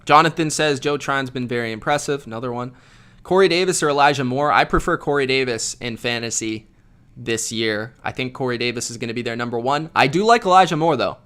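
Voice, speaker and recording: A man hosting a live football reaction stream, reading viewer chat aloud and commenting in a loud, slangy, casual way. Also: medium pitch, fairly quick, smooth. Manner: loud, self-described yeller, slangy with frequent "bro".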